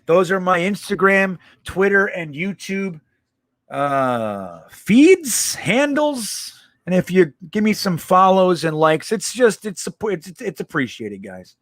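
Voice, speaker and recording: A man with a high voice hosts a casual live stream, reading out comments and answering them bluntly, swearing freely. The sound is dry and close, with no room around it. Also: very animated, slow pace, fairly bright tone, dry recording. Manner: blunt, profane, reacts to chat.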